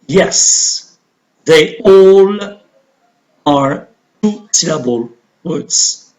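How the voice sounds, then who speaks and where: Slow, lively-voiced male English teacher. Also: fairly high pitch. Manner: slow, deliberate, repeats model words. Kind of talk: recorded pronunciation lesson.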